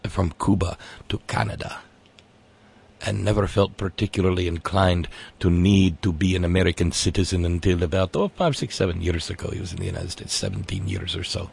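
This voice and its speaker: A man's voice: low voice, expressive, normal speed, vocal fry, slightly rough. A man hosting a satirical political rant. He is sarcastic and exasperated and stammers as he talks. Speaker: host.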